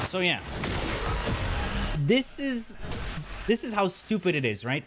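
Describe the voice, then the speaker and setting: A man's voice: high voice, measured pace, long pauses, music in the background. A man telling a story on his livestream in a casual, profane way, often checking in with "right?". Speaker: streamer. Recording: steady background noise.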